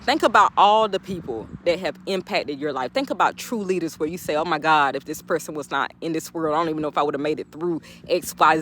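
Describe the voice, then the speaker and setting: A woman motivational speaker, talking outdoors in an animated, laughing vlog pep talk. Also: lowish voice, a little hiss or hum. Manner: animated, laughing often, talking straight to viewers. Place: outdoors, birds in background.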